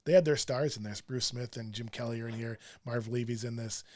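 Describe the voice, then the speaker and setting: A man's voice: medium pitch, fairly quick, a little mellow. Middle-aged man, sports show host, casual rambling commentary, self-deprecating, lots of fillers.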